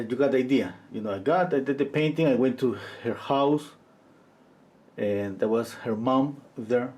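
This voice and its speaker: A man in his fifties, a portrait painter chatting casually on a livestream and telling rambling, animated stories. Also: medium pitch. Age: 50s. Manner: rambling, animated storytelling full of "you know".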